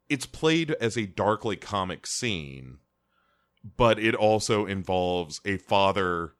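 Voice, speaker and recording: A male podcast co-host in casual chat, recapping a film scene by scene. His voice is low yet bright and forward. He talks with plenty of ums and uhs and adds dry, wry jokes. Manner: recaps scenes with many fillers, dry humor.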